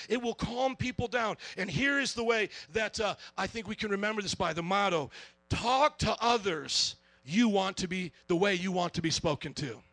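A man preaching a sermon as a pastor, telling stories with lots of energy, acting out other people's voices and shouting now and then. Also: high voice, creaky, dry recording. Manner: animated storytelling, acts out voices, shouts.

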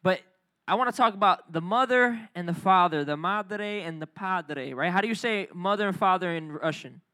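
High-pitched, lively youth pastor. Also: male voice, fairly quick. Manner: energetic, calls for crowd responses. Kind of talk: youth sermon. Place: church youth service.

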